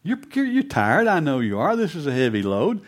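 A man's voice: fairly high pitch, huge pitch swings, normal speed. A man voicing a friendly, willing traveler who gladly helps a soldier. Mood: kind. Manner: cheerful, easygoing. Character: friendly, willing grown man, eager to help.

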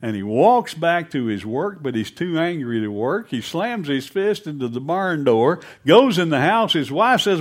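Animated male preacher. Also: fairly high pitch, moderate pace, few pauses. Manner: animated storytelling, drops to a hush for emphasis. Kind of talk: sermon.

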